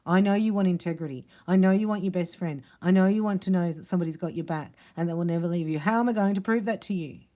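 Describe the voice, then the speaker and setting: A woman's voice: fairly low pitch, fast talker, few pauses, dark tone, lightly acted. A woman voicing an earnest, devoted man who asks eagerly how to please his partner. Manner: earnest, pleading questions.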